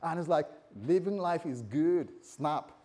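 A male pastor preaches in a relaxed, conversational way. His voice sits a little high, and he chuckles at his own asides as he reads and explains. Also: measured pace. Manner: conversational, jokey, laughs at himself. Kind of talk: sermon.

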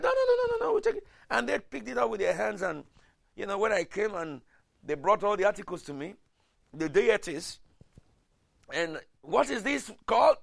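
A man delivers a sermon in a high, gravelly voice. His pitch leaps and falls all over the place, and he swings from hushed asides to shouted declarations. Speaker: preacher.

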